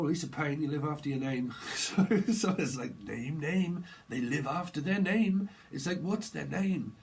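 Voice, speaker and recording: A man giving a casual live tarot reading, rambling and excitable, repeating himself and using slang. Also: medium pitch, a little hiss or hum. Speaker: tarot reader.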